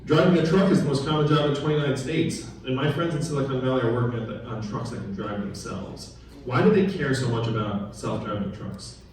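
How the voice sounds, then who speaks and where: A man's voice: medium pitch, fairly even intonation, brisk, darkish tone, far from the mic, a little hiss or hum. A man addresses a crowd at a town hall in a loose, conversational way, throwing questions at the listeners. He is heard from well across a very echoey room, with a faint murmur of the space behind him. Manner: conversational, quizzes the audience. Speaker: political candidate. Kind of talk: town hall campaign speech. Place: large echoey room at a political gathering. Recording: very echoey room recorded from afar.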